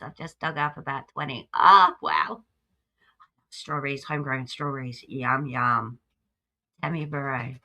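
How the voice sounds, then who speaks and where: A woman's voice: low-pitched, sharp tone. An Australian woman hosting a livestream, chatting casually and talking back at the clip she reacts to. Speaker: livestream host.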